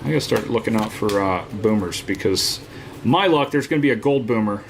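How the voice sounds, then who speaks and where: A man's voice: lowish voice, expressive, brisk, gravelly, slight background noise. A man hosting a live card break, chatting casually and teasing viewers, with lots of "uh" fillers. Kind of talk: casual live-stream chat.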